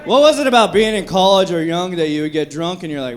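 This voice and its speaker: A man's voice: high-pitched, moderate pace, a little hiss or hum. A man in his thirties doing a brash, profane stand-up comedy set at a comedy club. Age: 30s. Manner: brash, profane, animated delivery. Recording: live club recording with crowd laughter. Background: audience laughter.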